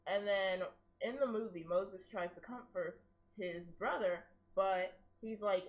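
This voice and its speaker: A young woman chatting casually about a film she loves, acting out the characters as she goes. Her voice sits at a middle pitch. The recording is dull and lo-fi. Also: unhurried. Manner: animated, acts out characters in quotes. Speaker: co-host discussing a film. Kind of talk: casual chat. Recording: dull lo-fi sound.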